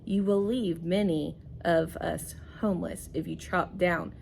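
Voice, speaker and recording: Woman reading a sad little tree frog, slow, kinda serious. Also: lowish voice, steady tone, gravelly, darkish tone, slight background noise. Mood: solemn. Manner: slow solemn read-aloud.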